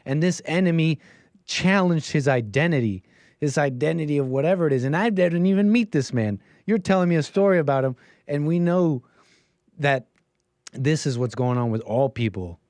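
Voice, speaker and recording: A man's voice: a little high, animated, normal speed, a little mellow, no room sound. A man hosting a call-in livestream, chatting casually and riffing, laughing between his remarks. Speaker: call-in show host.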